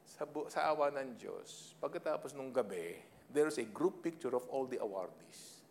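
Delivering a funny, motivational leadership talk, a Filipino-accented man in his sixties shares personal stories dramatically, laughs at his own jokes and mixes in Tagalog phrases. His mid-range voice is expressive and a little mellow, with vocal fry, at a moderate pace. There's slight background noise.

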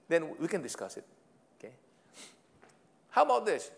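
A man's voice: fairly high pitch, normal speed, vocal fry, pauses often. A man with a Filipino accent giving a management lecture, switching between English and Tagalog and putting questions to the audience. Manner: code-switching, animated, asks the audience questions. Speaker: leadership trainer.

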